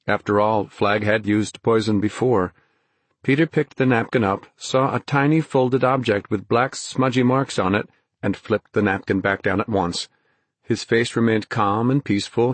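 A man narrating a novel as an audiobook, in a measured, even storytelling way. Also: lowish voice, slightly rough, no echo. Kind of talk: scripted narration.

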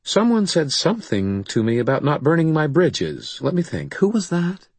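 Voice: a man doing a bright young woman apprentice. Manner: teasing. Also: on the high side, big pitch swings, moderate pace, breathy edge, no room sound, voice pushed up. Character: quick-witted young female apprentice.

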